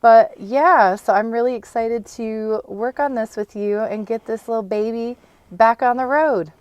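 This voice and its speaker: A woman co-hosting a car restoration video, chatting casually, excited and laughing often. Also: on the high side, unhurried, no echo, muffled recording. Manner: bubbly and excited, laughs often, rambling explanations. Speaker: co-host and producer of a car restoration channel. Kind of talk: casual on-camera chat.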